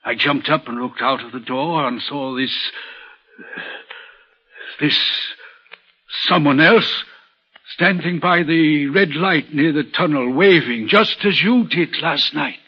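A man's voice: a little high, slow, long pauses, breathy edge, exaggerated voice. An actor playing a nervous, haunted male railway signalman, telling his story in an earnest, urgent way, in an old-time radio drama. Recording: muffled old radio recording.

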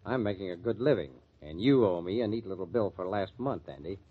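An actor playing a sarcastic, tough-talking club owner in a 1940s radio drama. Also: male voice, sits low, expressive, brisk, husky. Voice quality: sneering, tough-guy slang. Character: gruff, sarcastic male club owner, middle-aged, bitter. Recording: muffled old radio recording.

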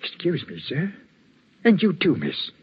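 Husky, lively-voiced greengrocer, blunt and deferential, on a dull old radio recording. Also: male voice, fairly high pitch, a little slow, full character voice. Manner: deferential, blunt, dropped-h country speech. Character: gruff working-class village greengrocer, middle-aged, superstitious. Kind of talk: 1940s radio acting.

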